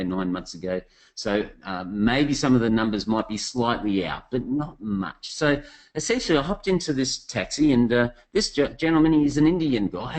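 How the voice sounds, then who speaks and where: A man presents a business webinar, telling stories chattily and addressing his audience directly. His voice is medium in pitch, and the audio is poor.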